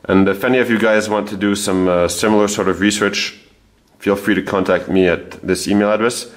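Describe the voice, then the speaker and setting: Thinking aloud as he walks through his research, a man hosts a history video in a casual spoken style full of restarts. His voice is lowish and steady, and his pace runs a little quick.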